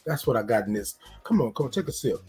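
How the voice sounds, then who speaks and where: A man's voice: mid-range voice, animated, quick pace, darkish tone, faint music behind. A man hosting a casual morning livestream, upbeat, greeting viewers in the chat by name. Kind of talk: casual live-stream talk to viewers.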